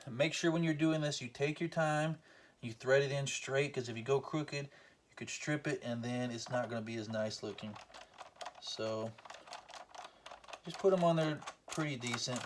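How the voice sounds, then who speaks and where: A man's voice: medium pitch, a little hiss or hum. A man giving a casual, joking how-to tutorial, talking to the camera while he works. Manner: joking, self-deprecating, talks while working. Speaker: collector demonstrating belt cleaning.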